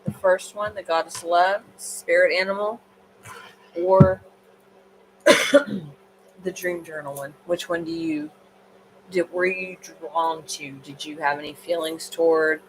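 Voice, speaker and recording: A woman's voice: fairly low pitch, steady tone, takes it slowly, long pauses, a little hiss or hum, rough recording. Tired, chatty woman reading tarot. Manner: rambling, chatty, with fillers. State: tired, late at night. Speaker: tarot card reader. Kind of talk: casual livestream card reading.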